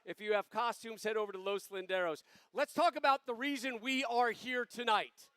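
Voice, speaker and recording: A man's voice: sits high, steady tone, normal speed, bright, forceful tone, clear, resonant tone, no echo. A man hosting a live talk show in upbeat patter, rousing the audience and setting up questions. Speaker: host.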